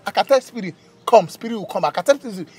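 A Nigerian man in a comedy skit, boasting loudly that he controls spirits, laughing often and breaking into panic. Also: sits high, lively intonation, fast, over music. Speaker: comedian playing a boastful native doctor. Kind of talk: skit comedy, pidgin-tinged. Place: outdoors in bush.

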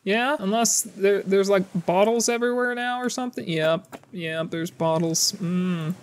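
A man giving sarcastic, profane commentary while playing a game, often yelling at the game characters. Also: sits high, unhurried. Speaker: gaming YouTuber. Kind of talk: casual gameplay commentary.

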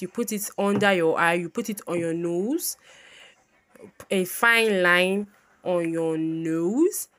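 Bubbly, low-voiced woman teaching makeup. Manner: chatty, bubbly, repeats herself often. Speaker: makeup tutorial host. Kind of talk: casual makeup tutorial talk.

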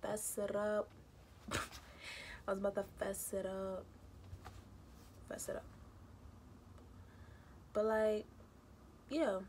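A young woman telling a story casually to her viewers, animated and indignant, acting out the people in it. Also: mid-range voice, extremely slow, pauses often, a little hiss or hum. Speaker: vlogger.

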